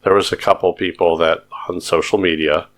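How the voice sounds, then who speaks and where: A man's voice: deep voice, fairly even intonation, fairly quick. A man co-hosting a podcast, telling stories in a rambling, hesitant casual chat. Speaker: podcast co-host.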